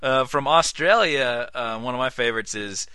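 A man co-hosting a podcast, talking fast and laughing often in casual comedic chat. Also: medium pitch, bright, forceful tone, smooth, dry recording. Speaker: podcast co-host.

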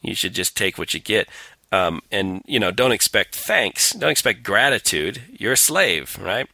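A man's voice: fairly low pitch, expressive, unhurried, gravelly, pushed and bright, no echo. A man co-hosting a casual talk show, sardonic and profane, reading scripture aloud in mock-dramatic tones. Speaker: podcast co-host.

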